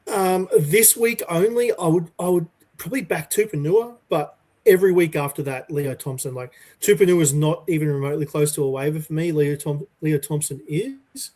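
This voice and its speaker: A man's voice: a little high, darkish tone. A man co-hosting a sports podcast, laid-back and hesitant, with plenty of fillers. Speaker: podcast co-host. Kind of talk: casual sports podcast chat.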